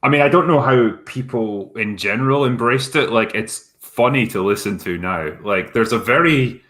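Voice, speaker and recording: Brief: Scottish male guest critic, mid-pitched, dry wit, loose conversational delivery. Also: moderate pace, fairly bright tone. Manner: wry, amused, conversational. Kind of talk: casual roundtable chat.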